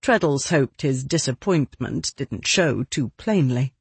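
An audiobook narrator giving a measured, even scripted reading. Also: mid-range voice, vocal fry, slightly rough, no echo.

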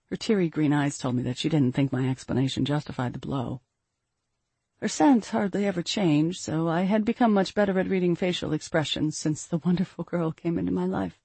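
Breathy woman reading a fantasy story. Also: lowish voice, no echo. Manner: measured, steady storytelling. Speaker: audiobook narrator. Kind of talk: first-person fantasy narration.

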